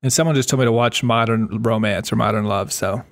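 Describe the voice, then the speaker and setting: A man co-hosting a podcast, talking in an enthusiastic, animated way. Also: fairly low pitch, fairly quick, gravelly. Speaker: podcast co-host. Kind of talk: casual chat.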